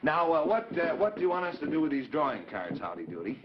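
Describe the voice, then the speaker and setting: A man with a slightly high, very animated voice talks fast with barely a pause. He's hosting a live children's TV show from the 1950s, chatting cheerfully with kids in the audience. The old broadcast recording sounds dull and carries a faint hiss.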